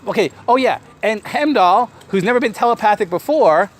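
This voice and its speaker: A man's voice: sits high, lively intonation, a little fast. A man hosting a casual comedy podcast, blunt and sarcastic in his critiques. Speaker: podcast host.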